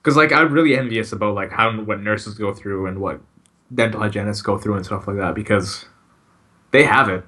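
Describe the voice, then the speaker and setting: A young man in his twenties co-hosting a podcast, easygoing and quick to laugh in casual chat. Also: fairly low pitch, pushed and bright. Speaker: podcast co-host.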